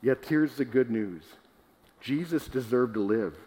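A male pastor delivering a sermon in a church, with a middle-range voice and an earnest, emphatic delivery. He slows down on key words and stumbles into small restarts. His voice carries the long reverb of a large hall. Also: mid-range voice, dark tone, slight background noise.

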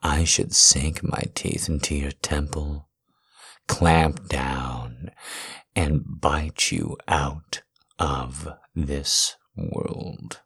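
A man playing a dominant, possessive lover in an erotic audio role-play, crude and commanding. His voice is extremely deep and husky. He speaks slowly and hammers short demands again and again. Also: steady tone, a bit bright, heavily acted. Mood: low, breathy.

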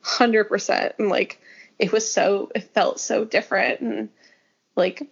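A woman's voice: mid-range voice, steady tone, a little slow, vocal fry, husky. Brief: young woman, podcast guest, chatty filler-heavy storyteller, slightly muffled lo-fi sound. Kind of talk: casual interview. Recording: slightly dull lo-fi audio.

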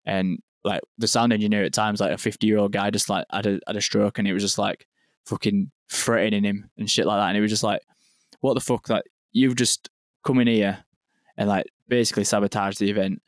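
A young man tells a story in quick, rambling podcast chat, full of "like" and swearing. His voice sits low and barely moves in pitch. The sound is dry and close. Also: level tone, no echo. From England. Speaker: podcast guest, venue owner.

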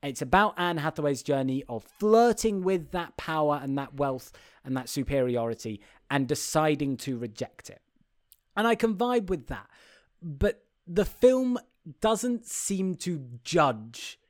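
A man's voice: on the high side, animated, measured pace. Man with a raised voice, reviewing a film. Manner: rambling, restarts often, opinionated. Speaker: podcast co-host. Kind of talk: casual film review chat.

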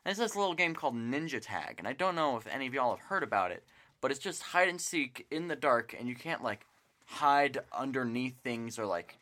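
A young man co-hosting a podcast, talking casually in a goofy, expressive way. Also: mid-range voice, brisk. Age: young adult. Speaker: podcast co-host. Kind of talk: casual chat.

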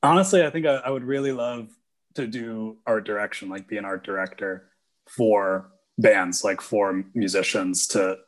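A man's voice: on the low side, normal speed. A young man, a musician guest on a podcast, telling a story casually with many fillers.

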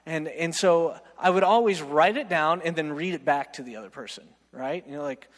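A man preaching a storytelling sermon, animated and self-mocking, often checking in with "right?". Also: a little high, moderate pace. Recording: long reverb of a large hall.

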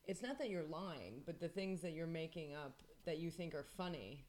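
A podcast co-host in casual chat, teasing a friend and rambling through stories with frequent restarts. The voice sits at a middle pitch. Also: animated, moderate pace, a little mellow.

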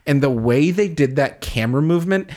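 A man co-hosting a casual movie podcast, talking in an animated way, laughing often and acting out his own reactions. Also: a little high, a little fast. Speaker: podcast co-host. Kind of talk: casual movie review chat.

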